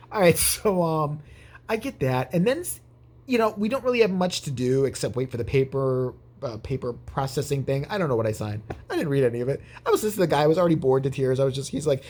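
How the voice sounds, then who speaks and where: A man's voice: medium pitch, expressive, fast, darkish tone. A man vlogging, telling a rambling, profane, jokey story in casual chat.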